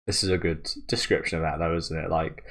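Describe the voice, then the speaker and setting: A man's voice: deep voice, steady tone, a little fast, fairly bright tone. A young British man giving loose, rambling commentary as he reacts to a manga, swearing freely and laughing at himself. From Britain.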